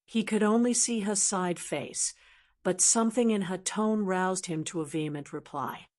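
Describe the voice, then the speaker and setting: A text-to-speech woman's voice narrating a classic novel as an audiobook, in an even, measured way. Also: mid-range voice. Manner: even, measured synthetic delivery. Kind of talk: scripted narration.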